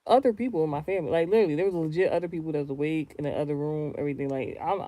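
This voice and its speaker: A man venting in a casual, rambling rant, profane and animated, with lots of restarts and sudden loud high outbursts. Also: rapid-fire, dry recording. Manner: swings between low mutters and loud high outbursts. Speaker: vlogger.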